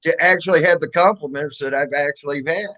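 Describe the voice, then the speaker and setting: Man, Southern accent, crude joking chat, highish voice, dull lo-fi audio. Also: fairly quick, bright, forceful tone. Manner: crude, joking, stumbling restarts. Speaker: stream host. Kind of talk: casual chat.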